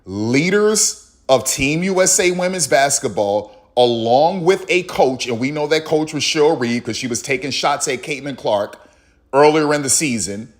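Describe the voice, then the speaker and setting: A man's voice: medium pitch, lively intonation, normal speed. Heated man ranting about sports. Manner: heated, repetitive, emphatic, acts out others in quotes. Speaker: commentary channel host. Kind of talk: opinionated sports commentary monologue.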